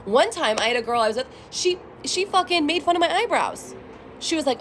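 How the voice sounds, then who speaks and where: A woman's voice: very high-pitched, very animated, brisk, slight background noise. A young adult woman giving a casual tarot reading vlog, talking bluntly and swearing freely. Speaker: tarot reader.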